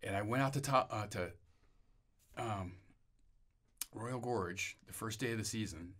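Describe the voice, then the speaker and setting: A man's voice: lowish voice, unhurried, pauses often, fairly bright tone. Man telling his faith story. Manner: rambling storyteller with frequent restarts and laughs. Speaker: interview guest. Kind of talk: personal testimony.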